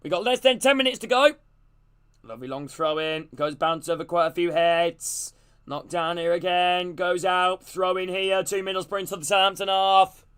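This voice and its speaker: A man streaming a live football watch-along, calling the play and greeting his chat in a casual, excitable way. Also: high-pitched, normal speed, smooth. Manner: casual, greets chat between plays, gets loud and excited on attacks.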